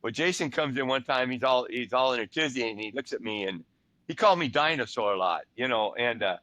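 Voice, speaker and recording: An older man co-hosting a podcast, who talks in a relaxed, rambling way with plenty of asides. His voice is mid-pitched and the sound is close and dry. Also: fairly quick, dry recording. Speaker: podcast co-host. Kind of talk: casual storytelling chat.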